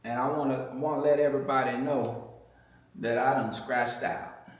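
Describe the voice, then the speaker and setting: Middle-aged man sharing a testimony, animated and rambling, distant mic in a very echoey room. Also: mid-range voice, normal speed. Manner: animated storytelling, many fillers and repeats, bursts louder when quoting himself. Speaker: guest sharing marriage testimony. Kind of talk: casual testimony chat.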